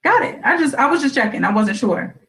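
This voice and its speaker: A radio host chats gently and playfully with her young daughter, teasing her with questions. Her voice is slightly high and animated, her pace quick, and the audio poor.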